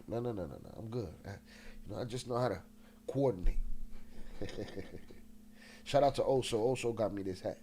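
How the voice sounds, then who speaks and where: A man's voice: medium pitch, darkish tone, slight background noise. A man hosting a casual livestream, restless and agitated, swearing often and greeting chat members, with a slightly nasal voice. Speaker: livestream host.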